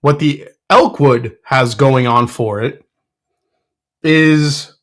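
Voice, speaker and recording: Male host, casual tasting talk, gets fired up, mid-pitched, lots of ums. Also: drawn-out words. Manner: excitable, blurts sports trash talk; frequent fillers and self-corrections. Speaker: whiskey reviewer, show host.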